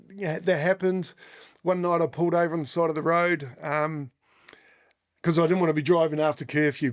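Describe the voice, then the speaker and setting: A man's voice: a little high, gravelly, no room sound, clean studio sound. A middle-aged Australian man being interviewed, telling his stories casually and laughing often as he acts out the voices of the people in them. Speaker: guest.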